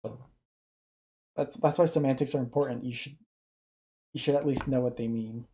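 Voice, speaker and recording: A mellow, dark-toned voice talking through a reaction video in a tired, subdued way. The speech stops and restarts often as the speaker searches for words, in a casual, unhurried stream. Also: fairly even intonation, slight background noise. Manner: low-energy, hesitant, many restarts.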